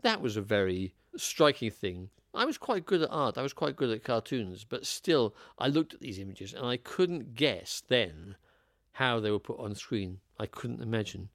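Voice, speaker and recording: A man's voice: fairly low pitch, expressive, moderate pace, a bit bright, no echo, clean studio sound. A man in an interview clip, reminiscing with reflective enthusiasm. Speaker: animator.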